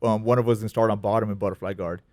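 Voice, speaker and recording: A man in his thirties with a Texan accent, a jiu-jitsu gym owner talking casually in an interview, relaxed and plainspoken with many fillers. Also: on the low side, rapid-fire, no room sound, clean studio sound. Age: 30s.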